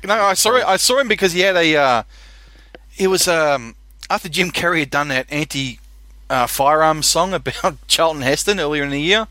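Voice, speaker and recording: A man co-hosting a podcast, chatting casually and cracking quick jokes. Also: on the high side, pushed and bright. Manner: joking, quick wisecracks. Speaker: podcast co-host. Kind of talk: casual chat.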